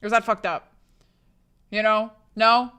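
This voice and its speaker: Bright-voiced young woman streamer, animated chat. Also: on the high side, unhurried, clear, resonant tone. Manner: animated, swearing, rambling storytelling. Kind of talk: casual live-stream chat.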